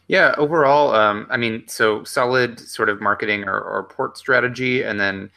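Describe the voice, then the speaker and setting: A man's voice: medium pitch, gravelly, bright, forceful tone. A man co-hosting a casual game chat, weighing his points with hedges and filler words. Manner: measured, hedging, fills pauses with 'um' and 'like'. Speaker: podcast co-host.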